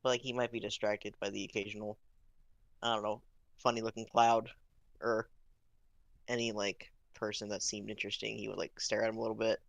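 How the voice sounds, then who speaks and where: A tabletop player rambles hesitantly while describing what a character does. The voice is gravelly and creaky. The recording is dry and close. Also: mid-range voice, flat delivery, brisk, pauses often, dry recording. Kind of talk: casual game chat.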